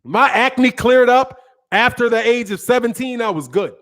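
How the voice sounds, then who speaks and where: A man's voice: very high-pitched, expressive, moderate pace, a bit bright. A man hosting a boxing channel, giving casual live-stream commentary in slangy, profane talk, laughing often and answering chat comments.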